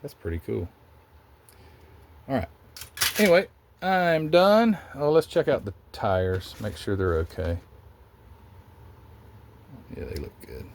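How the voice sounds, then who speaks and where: A man's voice: lowish voice, very animated, slow pace, vocal fry, pauses often, slight background noise. A man with a Southern US accent, hosting a casual, rambling chat about model car building in his hobby workshop. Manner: rambling, chatty, self-interrupting.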